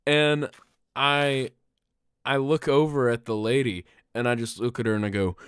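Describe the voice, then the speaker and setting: A young man co-hosting a podcast, telling a comedic story in an animated way, laughing often and breaking into loud yelled bits. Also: medium pitch, normal speed, clear, resonant tone, dry recording. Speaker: podcast co-host.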